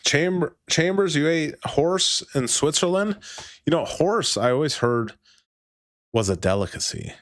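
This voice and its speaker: A man's voice: a little high, expressive, measured pace, dry recording, studio quality. A man in his thirties hosting a casual livestream chat, rambling and swearing often as he reads and answers chat. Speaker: livestream host.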